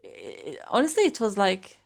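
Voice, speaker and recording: A woman's voice: medium pitch, big pitch swings, moderate pace, vocal fry. Woman, 20s, online French teacher on a call; drills greetings, chats casually. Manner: drills words, then chats with laughs.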